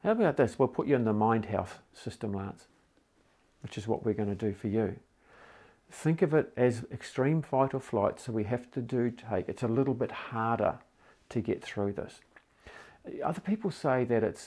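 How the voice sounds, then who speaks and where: A middle-aged man speaking calmly and reassuringly straight to the listener in a mental health support talk. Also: medium pitch, moderate pace, husky. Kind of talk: gentle direct-to-camera support talk.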